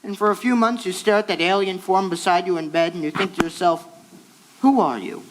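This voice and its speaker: A man's voice: high voice, a little fast, noisy background, close to an everyday voice. A man playing a wistful theatre fan who talks to the audience in rambling, confiding asides on a stage. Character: wistful male theatre fan narrating a record. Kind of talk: stage musical acting.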